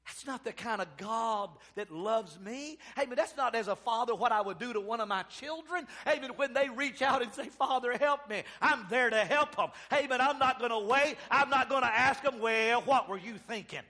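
A man preaching a sermon as pastor, calling out amens, dropping low and quiet then rising loud. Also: moderate pace, hardly any pauses. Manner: preaching with call-and-response amens, swinging from soft to loud.

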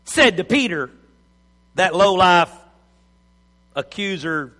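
A preacher tells a Bible story with a high-pitched voice that leaps up and down, acting out the scenes. His sermon rings out in a big hall with a long reverb. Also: animated, slow, pushed and bright. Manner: storytelling, acts out scenes, chuckles. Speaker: pastor.

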